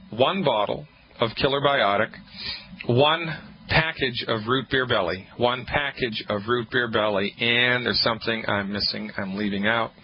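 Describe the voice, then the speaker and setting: A man's voice: medium pitch, a little hiss or hum. Upbeat male radio host, muffled broadcast. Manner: upbeat, salesy, repeats key points. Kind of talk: call-in radio advice.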